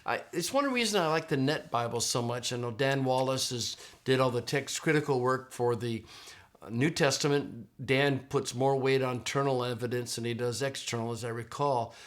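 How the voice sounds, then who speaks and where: A man's voice: medium pitch, moderate pace, fairly bright tone. Chatty middle-aged man teaching Greek. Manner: conversational, repeats words and restarts with many fillers. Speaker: Greek teacher reviewing a Greek text. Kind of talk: casual screen-share teaching.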